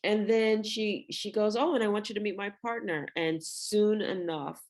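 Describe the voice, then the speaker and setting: Here a woman co-hosts a podcast at a moderate pace and medium pitch. She tells her stories with animation and performs the quotes in a relaxed, conversational exchange.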